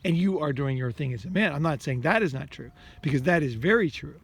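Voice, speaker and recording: A man's voice: a little high, lively intonation, brisk, slightly rough. Blunt, emphatic man swearing freely. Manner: rambling with many restarts. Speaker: vlogger. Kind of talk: casual monologue to viewers.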